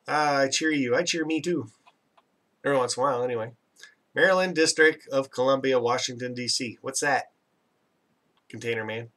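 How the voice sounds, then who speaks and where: A man's voice: medium pitch, fairly bright tone, far from the mic. Chatty Canadian man a bit off-mic. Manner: chatty and rambling, self-teasing, laughs often. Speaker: live stream host. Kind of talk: casual live chat reading viewer comments.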